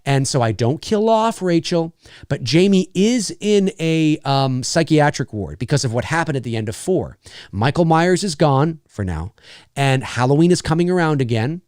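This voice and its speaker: Man, casual Q&A host, rambling, fillers and restarts, swearing, lively swinging pitch, dry close sound. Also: normal speed, no room sound. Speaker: channel host. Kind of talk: casual live Q&A chat.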